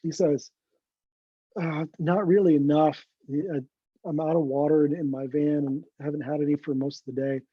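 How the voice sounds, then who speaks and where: A man, a guest photographer, telling an animated story in an interview and acting out what his friends said. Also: fairly high pitch, moderate pace, breathy edge, dry recording. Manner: animated anecdote teller, acts out quoted friends. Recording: dull lo-fi recording.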